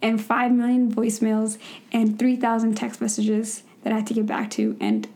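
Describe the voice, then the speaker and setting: A woman in her twenties from Minnesota hosting a casual podcast chat, her voice a little raspy, telling stories in an animated, emphatic way. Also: on the high side, moderate pace. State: slightly raspy. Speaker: podcast host.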